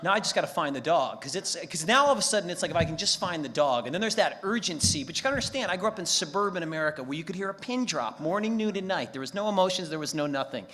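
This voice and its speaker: A man speaking at a recovery meeting, telling a comic personal story in a profane, animated way. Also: high-pitched, very fast, hardly any pauses. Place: meeting room.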